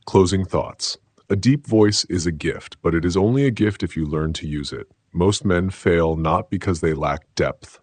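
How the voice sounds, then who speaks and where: A man giving scripted motivational narration in a slow, deliberate, measured way, with a very deep, husky voice. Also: dry recording.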